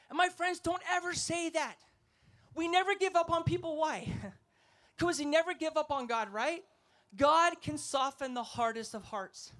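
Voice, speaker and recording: Energetic high-voiced male preacher. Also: normal speed. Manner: energetic, emphatic, asks the crowd to respond. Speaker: evangelist speaker. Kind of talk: festival sermon.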